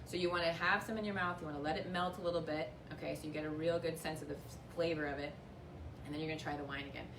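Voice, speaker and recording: A woman walks viewers through a wine tasting in a chatty, upbeat way, with a few jokes at her own expense. Her voice sits somewhat low. The camera mic catches her from a distance in a roomy, echoing tasting room. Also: fairly even intonation, very fast, background noise. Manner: chatty and upbeat, with light self-mocking humor. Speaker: winery host giving a tasting lesson. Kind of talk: casual instructional demonstration. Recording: echoey room, voice picked up from a distance.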